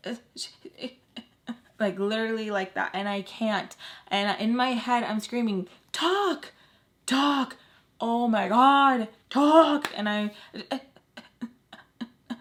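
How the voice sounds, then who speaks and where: A woman vlogger retelling a personal story casually, emotional and halting, with repeats. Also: medium pitch.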